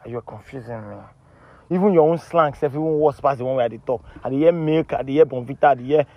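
A man with a Nigerian Pidgin accent hosting a comic street skit, loud and theatrical, teasing and repeating himself. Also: medium pitch, fast, dry recording, lo-fi sound. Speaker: street interviewer.

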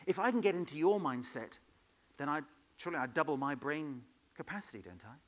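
A man leading an improv workshop at a conference, in a lively, playful way, throwing questions to the audience. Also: on the high side, a little fast. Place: conference hall.

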